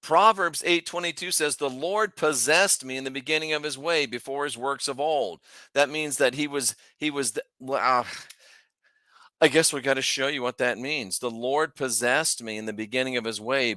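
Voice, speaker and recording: A man's voice: mid-range voice, moderate pace, pushed and bright, no echo, studio quality. A man hosting his own channel, teaching from the Bible in a casual, emphatic way, asking rhetorical questions and thinking aloud as he shares his screen. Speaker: host.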